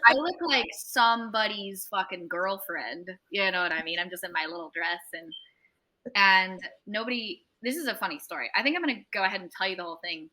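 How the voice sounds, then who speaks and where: A young woman, a tattoo artist, telling a long anecdote in a casual interview, animated, swearing freely and acting out other people's voices. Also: medium pitch, brisk.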